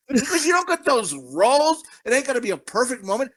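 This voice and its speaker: A man's voice: very high-pitched, very animated, fairly quick, fairly bright tone. A man co-hosting a podcast, ranting bluntly and swearing constantly in casual chat. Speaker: podcast co-host.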